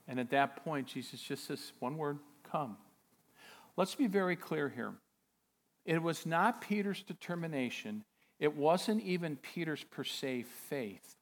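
A male pastor delivers a sermon at an unhurried pace, his voice sitting a little high. He retells the story with animated bursts of excitement and chuckles now and then. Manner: chuckles often.

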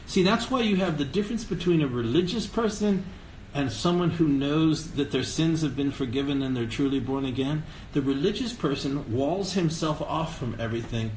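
A man's voice: a little high, animated, normal speed, a little mellow, echoey room, slight background noise, low-quality recording. A man preaching a podcast sermon in an earnest, conversational way, stressing key words and posing rhetorical questions. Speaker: pastor.

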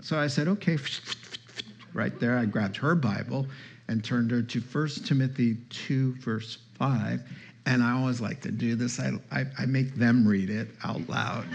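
A man's voice: medium pitch, steady tone, measured pace, gravelly. Emphatic male pastor preaching. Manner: emphatic, quotes scripture, chats with the congregation. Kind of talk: sermon.

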